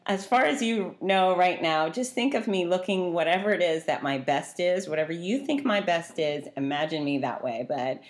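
A woman's voice: fairly low pitch, animated, normal speed, hardly any pauses. A middle-aged woman hosting her own podcast, talking chattily and bluntly, ranting with feeling. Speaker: podcast host. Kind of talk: casual solo podcast monologue.

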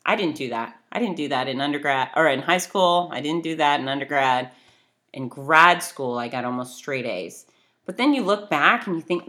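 A woman's voice: deep voice, a bit bright. A middle-aged woman giving an emphatic, blunt motivational talk that urges listeners to act. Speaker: motivational speaker.

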